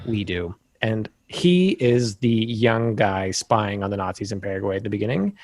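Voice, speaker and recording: A man's voice: on the low side, normal speed, darkish tone, no echo. A man co-hosting a casual film discussion podcast, wry and fond of mock impressions of actors. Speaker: podcast co-host.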